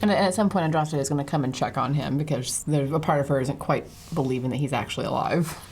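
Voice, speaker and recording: A woman's voice: deep voice, fast talker, darkish tone, slightly rough. A woman playing a tabletop game, chatting in an easygoing, teasing way. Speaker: player. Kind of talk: casual tabletop play.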